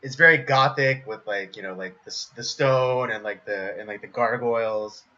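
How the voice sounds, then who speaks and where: A man co-hosting a podcast stream, chatting eagerly about cartoon episodes and getting loud and animated when acting out quotes. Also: lowish voice, moderate pace. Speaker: podcast co-host. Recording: dull lo-fi stream audio.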